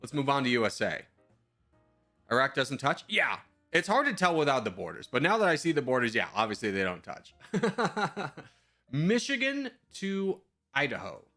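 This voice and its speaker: A man streaming live, talking through his guesses out loud in a loose, self-mocking way. His voice is bright and forward, and his pitch jumps around a lot. Soft music plays faintly underneath. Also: sing-song, fairly quick. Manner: thinks aloud, chatty, self-mocking. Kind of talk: casual live-stream commentary.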